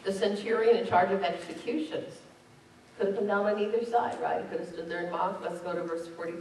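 A woman's voice: mid-range voice, steady tone, a little fast, darkish tone, distant mic, a little hiss or hum. Woman pastor preaching in an echoey church. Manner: reads scripture aloud and explains it with rising emphasis. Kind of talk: sermon. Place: church sanctuary.

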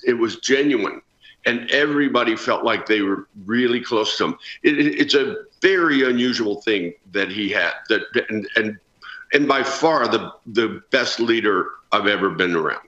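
A man's voice: fairly low pitch, moderate pace. A man in his sixties, a former ballplayer guest telling stories earnestly in a remote news interview. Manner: earnest, animated storytelling. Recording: roomy, dull remote feed.

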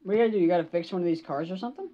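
A woman's voice: fairly low pitch, rapid-fire, warm tone. A woman gamer giving live gaming commentary, jumpy, swearing and shrieking at scares, on a slightly dull lo-fi mic.

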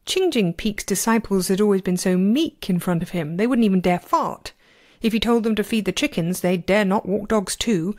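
A woman's voice: medium pitch, moderate pace, a little mellow. Woman reading an audiobook expressively. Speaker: amateur audiobook reader. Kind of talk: audiobook narration.

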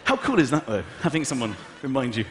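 A man doing stand-up comedy on stage, animated and acting out voices, shouting punchlines. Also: mid-range voice, fast talker, a little hiss or hum. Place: large hall with audience. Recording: echoey live hall, audience laughter.

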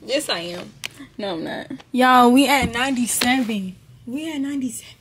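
A woman's voice: a little high, moderate pace, a bit bright, slight background noise. A young woman, chatting informally and directly to her viewers on a vlog, recorded on a camera mic. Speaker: vlogger. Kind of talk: casual vlog chat to camera.

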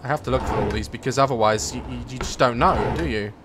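A man's voice: medium pitch, quick pace, background noise. A young man commentating a horror game, joking nervously and breaking into sudden screams. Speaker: gaming YouTuber.

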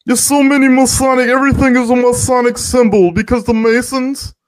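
A man voicing a mocking, high-pitched, conspiracy-obsessed man who insists on everything. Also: fairly even intonation, a little fast, low-quality recording. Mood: shrill mocking. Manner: shrill, insistent, overexcited.

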